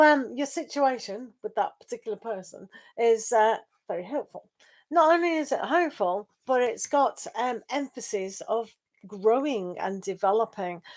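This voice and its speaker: A woman's voice: on the high side, a little mellow, low-quality recording. A woman doing a live tarot reading, chatting and reassuring viewers by name and laughing often. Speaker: tarot reader.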